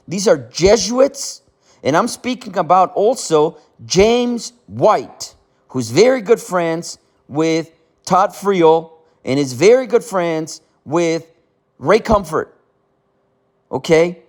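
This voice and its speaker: A man giving a ranting commentary, indignant and repetitive, often asking "okay?". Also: a little high. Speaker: channel host.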